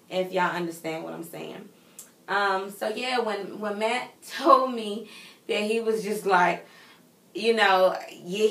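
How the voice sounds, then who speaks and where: A heavily pregnant woman talks casually and expressively to her viewers from a room at home. Her voice sits at an ordinary pitch for a woman and carries a noticeable echo. She is recorded from some distance away from the mic. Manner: chatty and expressive, talking straight to viewers. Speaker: vlogger.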